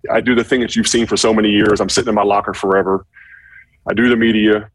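A man casually telling a profane story, acting out shouted quotes with animated energy. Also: on the low side, fast. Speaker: former football player telling a story.

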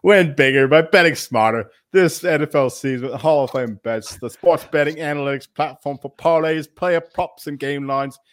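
A man co-hosting a sports betting podcast, reading a sponsor ad in a brisk promotional manner. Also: on the high side. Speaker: podcast co-host. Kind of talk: read sponsor ad.

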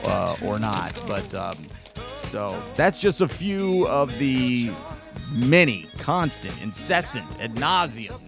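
Laid-back man rambling through a story. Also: mid-range voice. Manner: rambling, laid-back, with frequent fillers and self-interruptions. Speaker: radio show host. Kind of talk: casual storytelling monologue.

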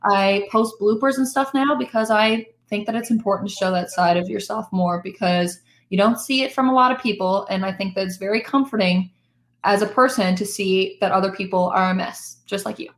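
A woman's voice: mid-range voice, brisk. Woman, twenties, candid, self-deprecating, echoey room. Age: 20s. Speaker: guest musician. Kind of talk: casual interview chat. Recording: roomy echo.

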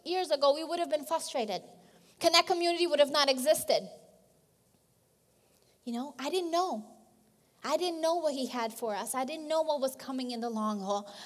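High-voiced woman preaching in a hall. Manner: conversational preaching, restarts mid-phrase, emphatic. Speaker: pastor. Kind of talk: sermon.

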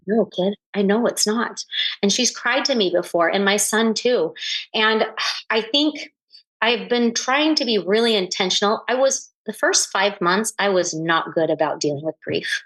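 Earnest, halting woman in her forties. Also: mid-range voice, animated, a bit bright, rough recording. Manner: earnest and reflective, halting with frequent fillers. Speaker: interview guest. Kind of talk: candid conversational interview.

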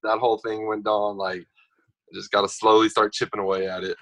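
Young man, low voice, lively storytelling. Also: fairly quick, poor audio. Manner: animated storyteller, acts out others' lines. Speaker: guest. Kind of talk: casual storytelling.

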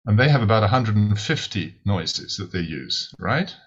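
A man's voice: fairly low pitch, big pitch swings, moderate pace, slightly rough. A British man, a podcast guest and author, explains ideas in a lecturing way, often checking in with "right?" and repeating words as he starts sentences. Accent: British English. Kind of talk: explanatory interview answer. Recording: muffled lo-fi audio.

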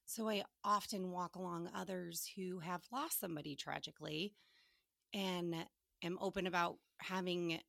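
This is a woman therapist speaking candidly on a podcast. She talks in an earnest, halting way, her voice slipping into a gravelly fry. The sound is dry and close. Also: fairly low pitch, steady tone, a bit bright, dry recording. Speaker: podcast co-host and grief therapist.

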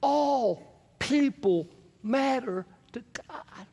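A man preaching a sermon as pastor, animated and asking the congregation questions, sometimes rising to shouts. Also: extremely high pitch, very slow, slightly rough. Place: church sanctuary. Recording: long church reverb.

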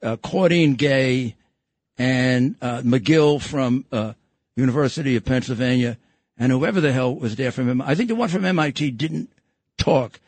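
A man's voice: medium pitch, moderate pace, darkish tone, no echo. An older man with a New York accent hosting a podcast, rambling and joking with lots of fillers and restarts. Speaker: podcast host. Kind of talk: casual political talk show chat.

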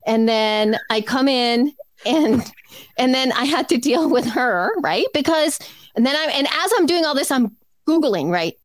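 A woman's voice: sits high, unhurried, no echo. A middle-aged woman from El Salvador, co-hosting a podcast and telling a family story in casual chat with frequent laughs. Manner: storytelling, animated, laughs often. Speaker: podcast co-host.

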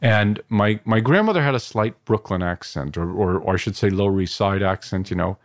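Deep-voiced guy from new york, 50s, thinks out loud and restarts a lot, dry sound. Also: dry recording. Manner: reflective, halting, with frequent restarts. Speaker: filmmaker guest. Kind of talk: interview answers.

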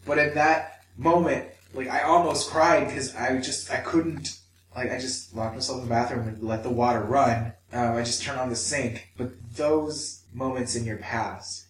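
A man co-hosting a podcast shares a personal story in a steady, mid-range voice at a moderate pace, swearing and voicing his inner thoughts aloud. The mic sits at a distance in an echoey room, with slight background noise.

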